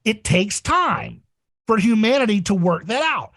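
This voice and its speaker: A man hosting a casual podcast discussion, talking in a rambling, animated way. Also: a little slow, dry recording. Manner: rambling and animated, acts out voices in shrill squeals. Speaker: podcast host.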